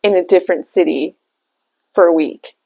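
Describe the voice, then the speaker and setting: A woman's voice: lowish voice, normal speed, vocal fry, warm tone, breathy edge. A woman telling a personal story in a candid, chatty way, swearing freely and laughing often. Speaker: tarot reader and vlogger. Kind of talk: casual storytelling.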